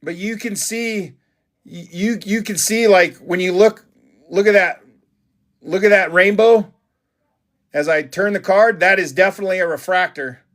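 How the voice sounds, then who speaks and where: A man hosting a live trading card break, talking excitedly and casually to his viewers. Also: sits high, normal speed, long pauses. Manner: excitable, hyped, chatty with viewers.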